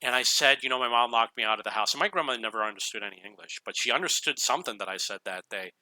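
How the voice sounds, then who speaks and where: A man's voice: medium pitch, very fast, pushed and bright, dry recording. A man telling a rambling personal story in a casual way over gameplay, chuckling now and then. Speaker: gaming YouTuber.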